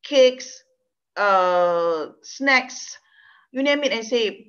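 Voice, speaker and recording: An earnest Malaysian woman gives a university law lecture that includes a personal story, speaking extremely slowly in a higher, somewhat bright and animated voice. She gets emotional, repeats words, and uses non-native phrasing, all on a dull lo-fi recording.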